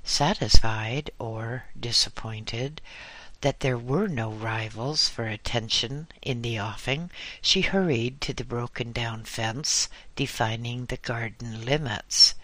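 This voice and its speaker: A man narrating a humorous story in a deliberate, wry reading. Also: medium pitch, sharp tone, no room sound.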